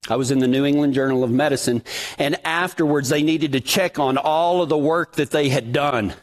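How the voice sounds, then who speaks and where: A man preaches in a folksy, dramatic style, retelling his own story with lots of feeling. His voice sits on the higher side for a man. It sounds like a sermon delivered to a congregation. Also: a little fast.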